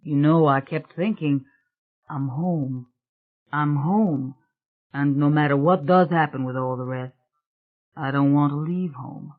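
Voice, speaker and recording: A man's voice: on the high side, a little slow, long pauses, lightly acted. A man voicing a weary, emotional man who speaks in a heartfelt, pleading way. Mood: wistful. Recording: thin, phone-like audio.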